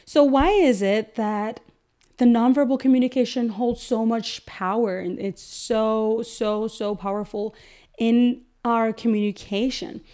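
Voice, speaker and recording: Woman, podcast host, higher voice, earnest, repeats for emphasis, counselor tone. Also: fairly even intonation, a little slow, dark tone. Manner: earnest, repeats words for emphasis, acts out quoted examples. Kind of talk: educational podcast talk.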